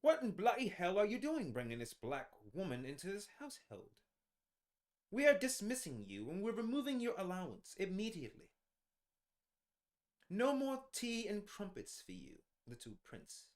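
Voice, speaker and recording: A man's voice: high voice, wildly swooping pitch, moderate pace. A man voicing a pompous, outraged older royal father in a put-on British accent, scolding and profane. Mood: haughty scolding.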